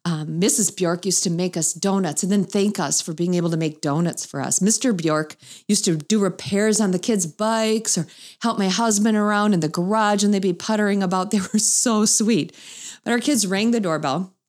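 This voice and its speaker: A middle-aged woman spins a funny story about her family for an audience. She is lively and expressive, and her pitch leaps whenever she acts out someone else's lines. Her voice sits in an ordinary middle register. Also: normal speed. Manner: animated, acts out quoted voices with big pitch jumps. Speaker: mother telling a family story. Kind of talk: humorous storytelling talk to an audience.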